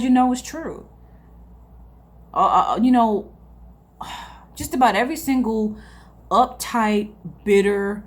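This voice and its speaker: A young woman, chatting candidly to her vlog audience, rambling and repeating herself, with sighs along the way. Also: mid-range voice. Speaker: vlogger. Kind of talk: casual confessional chat to camera.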